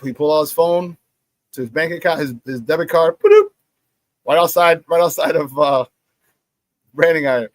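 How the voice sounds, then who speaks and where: Animated man hosting sports talk. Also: fairly high pitch, normal speed, long pauses, no room sound. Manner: animated storyteller, acts out quotes. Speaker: sports talk show host. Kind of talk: casual sports talk with plugs.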